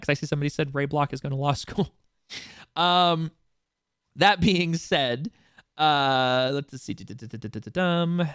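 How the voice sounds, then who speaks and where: A man's voice: a little high, fairly bright tone, no room sound, studio quality. A man hosting a casual community meeting for a roleplay server, rambling through reminders with frequent restarts and fillers. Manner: informal, occasionally swears for emphasis. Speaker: roleplay server staff host.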